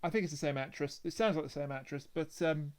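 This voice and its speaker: High-voiced man, halting recap. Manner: hesitant, many ums and restarts while recapping. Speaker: podcast co-host. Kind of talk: casual podcast chat.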